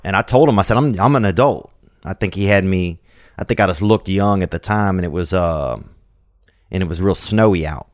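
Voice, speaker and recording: A man's voice: low voice, a little fast, dry recording, studio quality. A man hosting a podcast in casual chat, rambling and profane, scattering "man" and "bro" through his talk. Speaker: podcast host.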